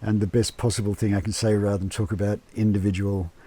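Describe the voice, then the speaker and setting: Man, deep-ish mellow voice, unhurried interview chat, lots of fillers, indoors at home. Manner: relaxed, unhurried, with many fillers and restarts. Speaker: eco lodge owner and permaculture gardener. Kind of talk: casual interview talk.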